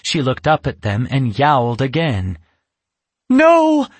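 A man narrating a children's storybook in a steady, even reading voice. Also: mid-range voice, normal speed, slightly rough, dry recording.

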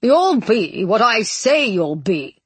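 A scheming nobleman sneers out slow, cold threats, as a woman narrator puts him on. The voice sits a little low with a husky grain. The read is close and dry. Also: no room sound, lightly acted. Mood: menacing.

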